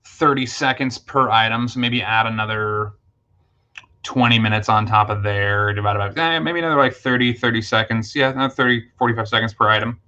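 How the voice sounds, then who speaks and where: A man with a lowish voice, brisk, pushed and bright, hosts a casual late-night livestream on dull-sounding audio. He chats with viewers and thanks them, using lots of fillers and restarts.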